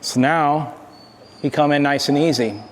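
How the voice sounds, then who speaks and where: A man working as a dog trainer, explaining calm greetings in a plainspoken way while he talks to a dog. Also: a little high, unhurried, long reverb tail, a little hiss or hum. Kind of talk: casual instruction to camera.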